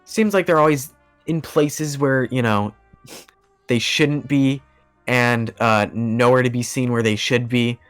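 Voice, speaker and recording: A man's voice: medium pitch, a little slow, a bit bright, clear, resonant tone, faint music behind. A young man telling a long story on a podcast in casual chat, rambling with lots of fillers and laughing as he goes. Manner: rambling, laughing, acts out quoted voices. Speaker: podcast guest.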